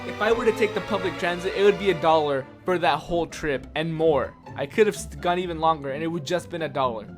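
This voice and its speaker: A man's voice: on the high side, fairly quick, faint music behind. A man telling a personal story in a casual, exasperated rant full of swearing. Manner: exasperated, profane ranting.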